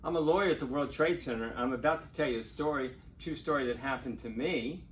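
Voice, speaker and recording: An older man, a lawyer, telling a true personal story in a chatty, animated way and laughing now and then. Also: medium pitch, quick pace, slight background noise. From Portsmouth, Virginia. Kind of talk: casual spoken storytelling.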